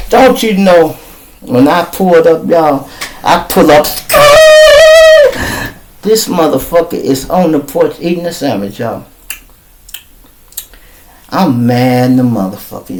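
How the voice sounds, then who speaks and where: A man, telling a long street story in a profane, animated way and often addressing his listeners as y'all. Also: on the high side, rough recording. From Chicago. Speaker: storyteller host.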